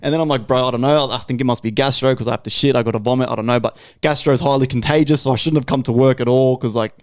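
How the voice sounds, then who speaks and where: A man's voice: mid-range voice, fairly even intonation, very fast, no room sound, studio quality. A young Australian man hosting a podcast, telling a long story in casual, swearing chat. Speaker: podcast host.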